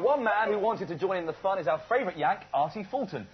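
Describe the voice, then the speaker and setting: A man presenting satirical news, delivering jokes in a deadpan style. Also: high voice, quick pace. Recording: dull TV audio with audience noise.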